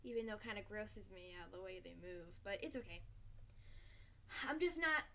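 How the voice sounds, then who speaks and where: A woman hosting her own fan channel, chatting casually and excitably about favorite cartoon episodes, acting out quotes in squeaky voices. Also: moderate pace, a little hiss or hum. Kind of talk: casual episode ranking chat.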